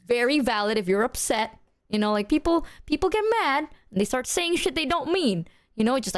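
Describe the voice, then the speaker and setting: A young woman with a high, bright voice chats loosely with her stream audience, her pitch leaping all over as she tells a story. She acts out her friends' lines, drops slang and swears casually. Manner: animated storytelling, acting out quoted friends. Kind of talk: casual chat with stream viewers.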